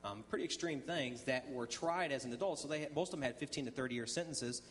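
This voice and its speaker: A guest speaker gives his testimony at a church, talking fast in a medium-pitched, fairly bright voice over slight background noise. He tells the story conversationally, with frequent ums and restarts, acting out the dialogue in quoted voices.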